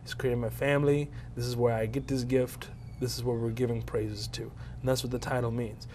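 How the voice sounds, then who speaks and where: A male comedian answering interview questions, earnest and animated. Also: medium pitch, brisk, a little hiss or hum.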